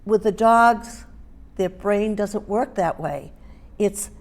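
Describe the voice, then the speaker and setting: Slow, emphatic woman dog-training instructor. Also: mid-range voice. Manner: emphatic, repeats key points and checks in with "okay?". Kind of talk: hands-on teaching demonstration.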